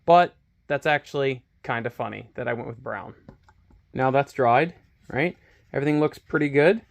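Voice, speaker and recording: Medium-pitched and creaky, the voice belongs to a hobby painting channel host talking at a normal speed. His tutorial is easygoing: he chats, teases himself and reasons aloud while painting, close to the camera mic.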